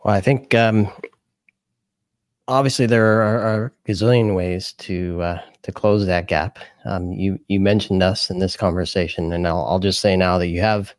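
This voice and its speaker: A man's voice: low voice, flat delivery, moderate pace, no room sound, studio quality. A man hosting a podcast, asking rambling questions with a joking edge. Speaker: podcast host. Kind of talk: casual interview talk.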